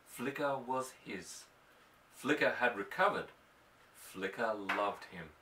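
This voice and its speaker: A man's voice: on the low side, lively intonation, takes it slowly, recorded from a distance, noisy background. A man reading a novel aloud as an audiobook, telling the story expressively and voicing each character. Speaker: audiobook narrator.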